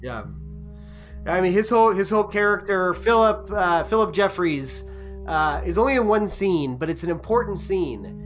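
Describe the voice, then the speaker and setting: A man's voice: high voice, moderate pace, fairly bright tone, faint music behind. A man co-hosting a podcast, chatting casually and rambling with lots of ums and restarts. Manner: rambling, hesitant, many fillers. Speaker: podcast co-host. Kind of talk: casual chat.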